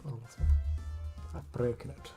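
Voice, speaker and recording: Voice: normal speed, dark tone, faint music behind. A streamer chatting casually while drawing, rambling, swearing freely and laughing often.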